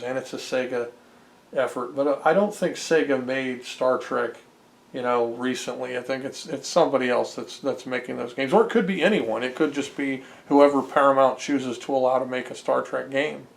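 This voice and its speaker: A man's voice: mid-range voice, gravelly. A man giving casual, rambling commentary as a homebrew game developer, with many fillers and restarts.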